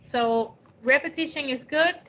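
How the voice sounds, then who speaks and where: A woman's voice: high voice, unhurried, bright, forceful tone. A woman whose first language is not English gives a conversational lecture on scientific writing, often checking in with "right?". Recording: dull lo-fi recording.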